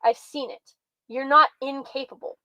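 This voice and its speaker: A woman with a high voice delivers sarcastic, exasperated commentary as a show host. The recording is dry and close, with no room sound. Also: fairly even intonation, normal speed, pushed and bright, no room sound, poor audio. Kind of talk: reactive commentary.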